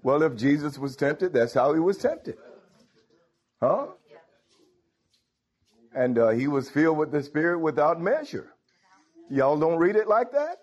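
A man preaching a sermon, firing rhetorical questions and swinging from low murmurs to loud exclamations, with chuckles between phrases. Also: sing-song, a little slow, long pauses.

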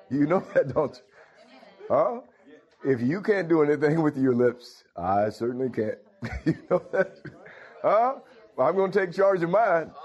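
A man preaching a sermon in an emphatic manner, rising often into high, ringing exclamations of praise. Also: darkish tone. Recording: dull lo-fi sound.

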